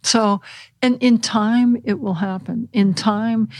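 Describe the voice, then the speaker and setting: A woman animal communication counselor speaking calmly and gently instructing, in a podcast interview. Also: fairly high pitch, slow, no room sound. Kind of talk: podcast interview, guided visualization.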